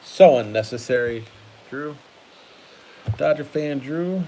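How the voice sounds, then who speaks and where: A man's voice: fairly high pitch, lively intonation, takes it slowly, dark tone, slight background noise, low-quality recording. A man hosting a casual card-collecting live stream, chatty and laughing often while he sorts cards at his table.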